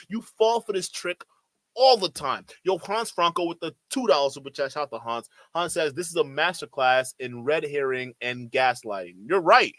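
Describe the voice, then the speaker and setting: A man's voice: fairly high pitch, expressive, a bit bright, dry recording. A man commentating on a debate clip during a live stream, heated and profane, mocking the people in it. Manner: heated, profane, rapid-fire, with mocking quoted voices.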